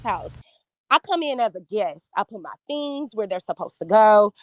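A woman telling a story in casual live-stream chat, animated and profane, acting out what others said. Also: mid-range voice, moderate pace, dry recording, studio quality. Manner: animated, profane, acts out quoted speech. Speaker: guest recounting hosting cult members.

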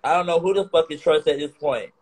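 An angry, hurt man vents to his live stream audience. His voice sits a little high, and he circles back over the same complaints again and again, swearing as he goes. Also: fairly quick, poor audio. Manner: upset, repetitive, swearing. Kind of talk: emotional rant to viewers.

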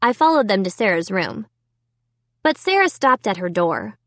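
A woman narrating a children's book in an unhurried, expressive first-person telling. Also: medium pitch, no echo. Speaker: audiobook narrator. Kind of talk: storybook narration.

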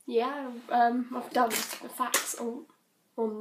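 A British teenage girl rambling casually in her bedroom, scattered and quick to giggle. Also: fairly high pitch, fairly even intonation, noisy background. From Britain. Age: teens. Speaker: vlogger. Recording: roomy bedroom echo.

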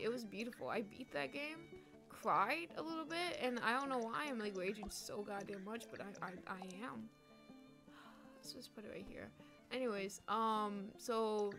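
A woman's voice: fairly high pitch, a bit bright. A young woman streaming a cozy game, chatting casually and swearing, with sudden frustrated outbursts. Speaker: gaming streamer. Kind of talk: casual let's play commentary.

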